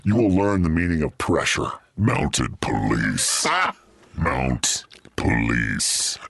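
A man voicing a gruff, boastful male Mountie as an improvised comic bit. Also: extremely low pitch, big pitch swings, takes it slowly, a bit bright, no echo, exaggerated voice. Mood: blustering. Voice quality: gravelly. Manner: blustering improvised comic bits.

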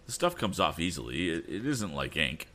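A man's voice: very deep voice, big pitch swings, moderate pace, bright, forceful tone, heavily acted. A man reading aloud voices a good-natured young male inventor with a friendly, offhand way of talking. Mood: placating.

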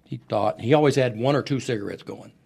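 A middle-aged man with a gravelly, low-middle voice, spinning long anecdotes in a studio interview. He slips into the voices of the people he quotes as the stories roll on. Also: fast. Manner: animated storyteller who acts out quoted voices. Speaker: wrestling booker and promoter, podcast guest. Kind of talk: storytelling interview. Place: podcast studio.

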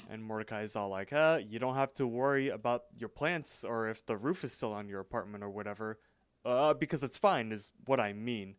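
A man co-hosting a podcast, casually recapping a cartoon episode in a relaxed, rambling way. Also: fairly low pitch, brisk, clean tone, no room sound. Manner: relaxed storytelling with frequent fillers and laughs. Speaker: podcast co-host.

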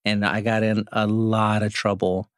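Swearing man telling lively anecdotes. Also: on the low side, a little slow, clean tone, no echo, studio quality. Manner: animated anecdotes with frequent swearing. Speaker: podcast host. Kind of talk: casual chat, storytelling.

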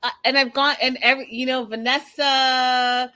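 A woman's voice: high voice, little pitch movement, normal speed, pushed and bright. A woman hosting a casual chat show, blunt and profane, reacting with emphatic opinions. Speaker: show host.

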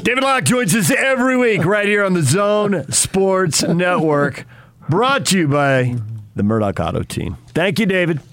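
A man hosting sports radio, thanking a guest, reading a sponsor line and teasing the next segment in brisk announcer style. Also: high-pitched, lively intonation, fairly bright tone. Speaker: radio host. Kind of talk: segment tease and sponsor read. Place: radio studio.

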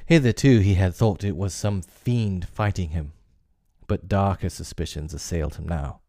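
A man reading a classic story aloud as narrator, in a measured and expressive storybook way. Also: low-pitched, no room sound, clean studio sound.

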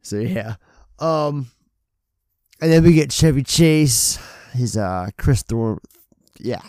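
A man's voice: medium pitch, animated, takes it slowly, a little mellow, no room sound, clean studio sound. A man co-hosting a podcast in casual, rambling chat, swearing freely and poking fun at himself. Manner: profane, rambling, self-deprecating. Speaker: podcast co-host.

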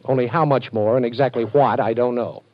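A man's voice: mid-range voice, steady tone, natural voice. A man playing a wisecracking detective hero. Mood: wry. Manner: wry, cool, quick with jokes. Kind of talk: 1940s radio acting. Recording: dull old radio recording.

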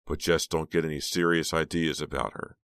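A man's voice: extremely low pitch, steady tone, a little fast, a bit bright, clear, resonant tone, no echo, clean studio sound. A man voicing a rude, pompous uncle who lectures in a condescending way.

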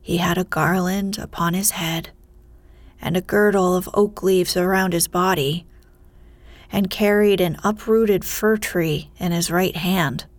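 Softly whispering woman storyteller. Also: lowish voice, steady tone, no room sound. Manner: soft, unhurried fairy-tale reading, often whispered.

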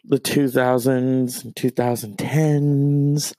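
A man's voice: mid-range voice, flat delivery, slow pace, dark tone, no echo. A man in his late thirties hosting a solo podcast, rambling and gossiping with plenty of swearing. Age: 30s. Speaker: podcast host.

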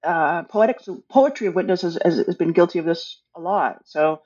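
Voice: medium pitch, moderate pace, darkish tone, slightly rough, dull audio. An author talking casually about their book, hesitant and thinking aloud, with many restarts. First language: English.

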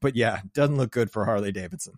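A man's voice: on the low side, fast talker, a little mellow, no room sound, studio quality. A man on a podcast as a guest, chatting about a film in a jokey way and laughing often. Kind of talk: casual film chat.

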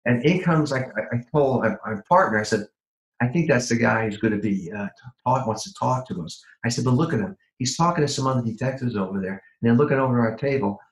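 An older man tells long, rambling stories in an interview, often stopping and restarting his sentences. His voice sits at an ordinary middle pitch. It comes through with a roomy echo around it. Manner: rambling, halting with many restarts and fillers. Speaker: guest, former criminal profiler. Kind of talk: podcast interview storytelling.

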